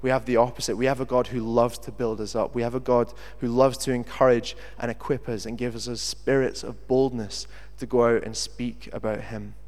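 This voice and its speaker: Telling a personal story in his sermon, a preacher with a medium-pitched voice acts out people's words with animation. He keeps a moderate pace with few pauses, and the recording carries the long reverb of a big hall.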